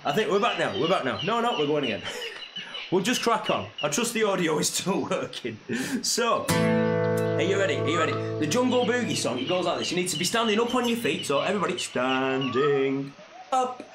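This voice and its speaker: High-voiced cheerful man leading kids' songs. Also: big pitch swings, moderate pace. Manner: cheerful, encouraging, sing-song and chatty. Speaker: children's entertainer. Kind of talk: live-streamed kids' song session. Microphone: live stream mic. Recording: echoey room, loud guitar music. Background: guitar playing.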